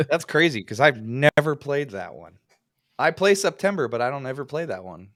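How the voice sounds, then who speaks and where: A man's voice: medium pitch, sing-song, normal speed, fairly bright tone, no room sound. Easygoing male co-host, friendly interviewer tone, dry studio sound. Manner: friendly, asks the guest questions. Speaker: podcast co-host. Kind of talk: casual chat.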